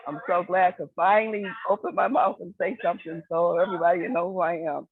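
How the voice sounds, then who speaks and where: A woman's voice: on the low side, fairly even intonation, a little fast, breathy edge, no echo. A woman, speaking shyly and affectionately on a casual group call. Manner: shy, gushing, affectionate. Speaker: webinar participant. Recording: phone-like call audio.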